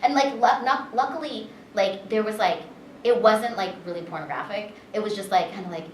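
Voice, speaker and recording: In an echoey room with a distant mic and chatter in the background, a woman who works as a voice actress and director tells stories during a convention panel interview. Her mid-range voice moves at a moderate pace with slight background noise, and she chats along with plenty of fillers while animatedly recounting what happened.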